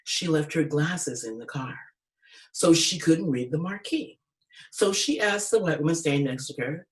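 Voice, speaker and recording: A woman telling stand-up stories from California, animated and acting out voices with big pitch jumps. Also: normal speed, recorded from a distance, poor audio. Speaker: comedian. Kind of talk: stand-up storytelling.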